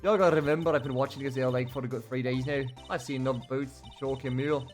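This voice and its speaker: A man voicing a loud, folksy young woman photographer with a put-on American Southern drawl, over faint music. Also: medium pitch, steady tone, fast talker, natural voice. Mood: boisterous. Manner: boisterous, drawling. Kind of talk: voicing game dialogue on a livestream.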